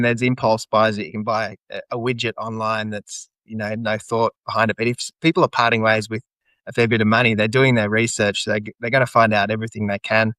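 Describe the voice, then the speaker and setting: A man's voice: lowish voice, pushed and bright, no room sound. A man hosting a podcast interview in casual chat, speaking hesitantly with many restarts. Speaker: podcast host.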